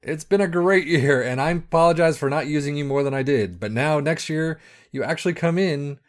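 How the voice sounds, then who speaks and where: A man giving excitable, exasperated let's-play commentary on a football management game, swearing and talking to himself as the match goes. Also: on the high side, a little fast. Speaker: video game streamer.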